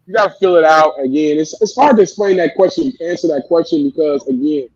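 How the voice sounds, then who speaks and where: A man in his late thirties talks in a raised, high voice, restarting his sentences and piling on examples. The sound is a little dull and lo-fi, like a modest home setup. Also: a little fast, husky, dry recording. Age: 30s. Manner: rambling and animated, many restarts. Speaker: youth football coach, guest. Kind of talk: casual interview chat.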